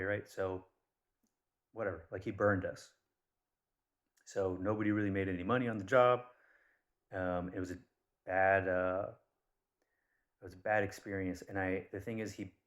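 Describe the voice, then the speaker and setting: Deep-voiced blunt man rambling. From Persian background. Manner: blunt, swears, animated retellings. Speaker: vlogger. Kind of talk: casual rambling monologue.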